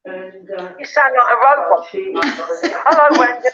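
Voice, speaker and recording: An older man hosts a live show from his home, chatting at length and rambling with lots of fillers and restarts. His voice is very high, animated and a little slow, pushed and bright, though the highs are cut off.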